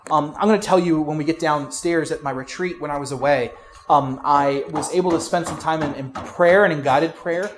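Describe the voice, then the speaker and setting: A man preaching a sermon in a conversational way, with fillers and restarts, going from loud emphasis to quiet asides. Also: fairly high pitch, moderate pace, a little hiss or hum. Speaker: pastor.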